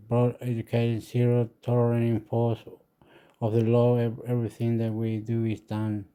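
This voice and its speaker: A man vlogging a casual news reaction, reading aloud haltingly with stumbles and curses. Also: medium pitch, warm tone, clear, resonant tone, rough recording.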